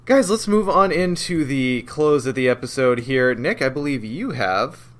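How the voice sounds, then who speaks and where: A man's voice: mid-range voice, expressive, moderate pace, a bit bright. A man hosting a podcast, upbeat and steering the casual chat along. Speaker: podcast host.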